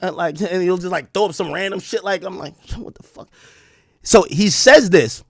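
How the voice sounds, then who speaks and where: A man hosting a livestream, telling a long story in a casual, mocking, profane way and slipping into quick impressions of other people. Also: high-pitched, vocal fry, no room sound, studio quality. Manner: animated, profane, mocking impressions, laughs often. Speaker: streamer host.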